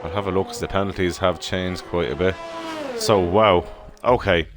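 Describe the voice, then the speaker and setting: Deep-voiced Irish man calling a race. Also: moderate pace, noisy background. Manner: steady play-by-play, informal banter. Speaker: race commentator. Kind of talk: live sim racing commentary. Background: background music.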